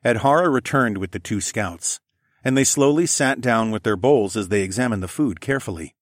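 Expressive male audiobook narrator. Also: medium pitch, a little fast, no echo, studio quality. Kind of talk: first-person sci-fi narration.

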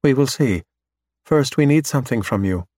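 A man voicing a calm, precise android scientist who speaks matter-of-factly. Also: medium pitch, normal speed, no room sound, studio quality, close to an everyday voice. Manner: completely calm, matter-of-fact.

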